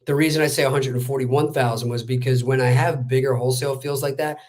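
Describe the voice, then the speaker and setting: Speaking as a guest in a laid-back interview, this man is a real estate wholesaler who spins a story quickly and talkatively, with plenty of fillers. He has a medium-pitched, steady voice with a somewhat dark tone.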